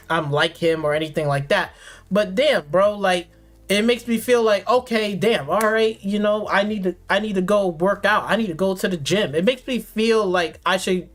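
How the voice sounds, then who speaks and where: A man's voice: high voice, fairly bright tone. A man streaming games, ranting sarcastically and profanely, rambling with many fillers in an exasperated tone. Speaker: gaming streamer.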